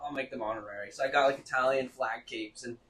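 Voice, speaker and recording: A young man interviewing a comedian, telling eager, animated stories in casual chat. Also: mid-range voice, fast talker. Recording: somewhat distant mic.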